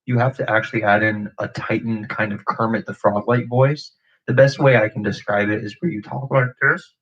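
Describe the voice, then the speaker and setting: A man hosting a livestream vocal tutorial, explaining techniques with lots of fillers and pauses. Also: fairly low pitch, steady tone, fairly bright tone. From United States. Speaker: beatbox channel host. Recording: dull lo-fi stream audio.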